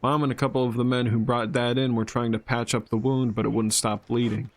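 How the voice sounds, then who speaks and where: A man's voice: medium pitch, level tone, fairly quick, close to an everyday voice. A man voicing a caring adult daughter of an old villager in a narrative game, reading the lines aloud in a plain voice. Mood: sad.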